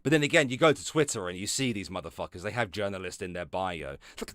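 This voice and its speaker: A man's voice: medium pitch, sing-song, fast talker, fairly bright tone, dry recording, studio quality. A man streaming live, giving sarcastic, heavily profane commentary, often breaking into laughter. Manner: sarcastic, swears constantly, often laughs and trails off.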